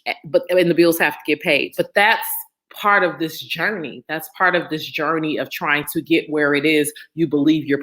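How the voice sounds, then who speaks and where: A woman's voice: fairly low pitch, a bit bright. A middle-aged woman hosting a motivational live-stream talk, telling stories with animation and greeting viewers by name. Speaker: host.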